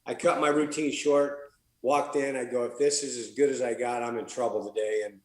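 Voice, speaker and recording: A man's voice: mid-range voice, fairly even intonation, brisk. A man guesting on a podcast, telling a casual, profane story, laughing and acting out what others said. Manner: profane, laughing, acts out quoted dialogue. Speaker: podcast guest, former pitcher. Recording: roomy echo.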